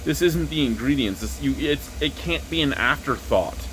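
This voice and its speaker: A man's voice: medium pitch, expressive, moderate pace, fairly bright tone, slight background noise. A man reviewing beer on camera in a casual, crude and joking way, recorded indoors at home.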